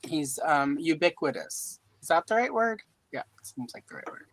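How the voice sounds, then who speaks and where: A woman's voice: low-pitched, big pitch swings, moderate pace, no echo, low-quality recording. A woman from Louisiana hosts a casual live-streamed toy chat over a video call mic. She rambles, jokes and pokes fun at herself. The sound is dry and close. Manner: joking, rambling, self-deprecating. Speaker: host.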